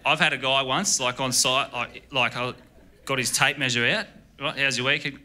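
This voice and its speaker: An Australian man doing a stand-up comedy set in a club, rambling and deadpan, often breaking off mid-sentence. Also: medium pitch, normal speed. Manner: rambling, deadpan, self-interrupting. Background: audience laughter.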